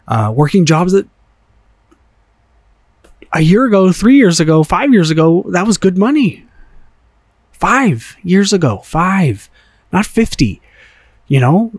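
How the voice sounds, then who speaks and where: A man's voice: fairly high pitch, no echo. A man hosting his own show, ranting in a frustrated, profane way and firing off repeated rhetorical questions. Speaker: podcast host. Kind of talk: solo opinion rant.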